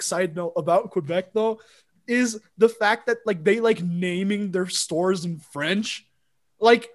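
A young man with a notably high voice co-hosts a casual podcast. He rambles through stories, packing in fillers and swearing as he goes. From Colombia. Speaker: podcast co-host. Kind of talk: casual chat.

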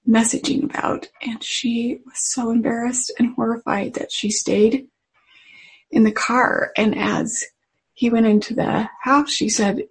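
Slow, very breathy woman telling a story. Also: fairly high pitch, rough recording. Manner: earnest, tender, emotionally emphatic. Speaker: religious speaker. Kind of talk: devotional storytelling.

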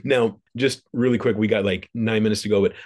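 A man's voice: fairly low pitch, steady tone, brisk, darkish tone. A man hosting an interview, chatty and loose, laughing easily as he tells stories. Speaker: podcast host. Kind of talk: casual interview conversation.

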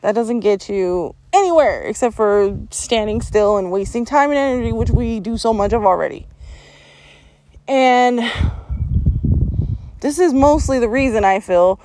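A woman's voice: on the high side, expressive, unhurried, pauses often, warm tone. A woman vlogger ranting bluntly to her viewers, swearing constantly and laughing often mid-sentence in a confrontational, lecturing way. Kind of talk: blunt profane rant to camera. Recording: noticeable background noise.

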